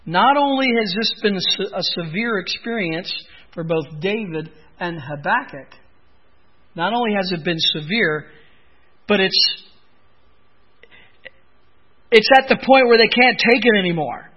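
Male preacher, high voice, earnest, given to impassioned cries; muffled lo-fi sound. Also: animated, normal speed, slightly rough. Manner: earnest, rises to impassioned cries when quoting laments. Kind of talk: expository sermon. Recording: dull lo-fi recording.

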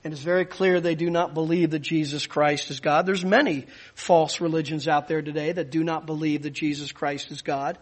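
A man's voice: on the high side, steady tone, moderate pace, hardly any pauses. A man preaching a sermon, earnest and emphatic, teaching with asides to the congregation. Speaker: pastor.

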